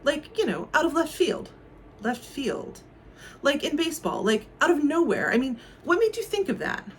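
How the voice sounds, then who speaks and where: A woman voicing an awkward teenage boy who stammers and sounds flustered, his voice jumping high when he is unsure. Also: sing-song, moderate pace, fairly bright tone, a little hiss or hum, exaggerated voice.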